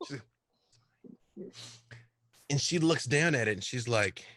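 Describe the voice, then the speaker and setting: A man's voice: medium pitch, animated, slow, fairly bright tone, dry recording. A man narrating a survival horror tabletop game as game master in a loose, rambling way.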